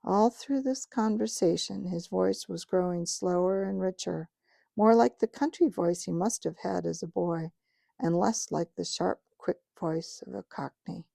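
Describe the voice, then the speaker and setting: A woman's voice: on the low side, unhurried, gravelly, warm tone, no room sound, studio quality. Woman reading a children's novel aloud. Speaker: audiobook reader.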